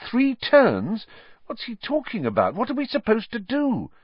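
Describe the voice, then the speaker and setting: A bewildered teenage wizard boy, as a man voices him raises his pitch and fires off confused questions. The sound is dry and slightly muffled. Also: huge pitch swings, moderate pace, breathy edge, dry recording, exaggerated voice.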